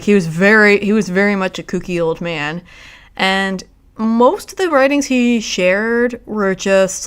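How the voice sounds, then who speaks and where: A woman hosts her own stream in an unhurried, reflective chat. Her voice is clean and smooth, and her pace is slow. She often stops and restarts mid-thought. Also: on the low side. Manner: halting, reflective, with frequent restarts. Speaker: streamer host. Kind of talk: casual livestream chat.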